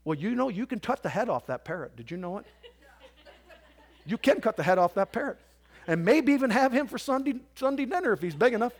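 A male preacher delivering a sermon from the pulpit. His voice sits high and moves all over the place, dropping to near murmurs before leaping into loud, squawking bursts. The delivery is loose and conversational, full of restarts and calls to the congregation. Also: big pitch swings, fairly quick. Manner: preacher's swings from quiet to loud, squawking parrot imitations. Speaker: pastor.

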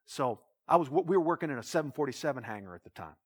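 A man's voice: mid-range voice, fast talker. A man, a pastor, telling a personal story in a sermon, acting out dialogue with lots of restarts. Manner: animated retelling with quoted dialogue, restarts.

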